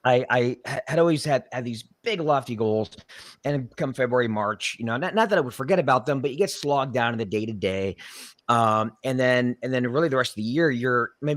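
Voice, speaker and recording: A man's voice: medium pitch, fairly bright tone, no echo. Chatty male host with a recurring cough. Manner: chatty, restarts often, jokes and teases. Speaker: show host. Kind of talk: casual live-stream chat.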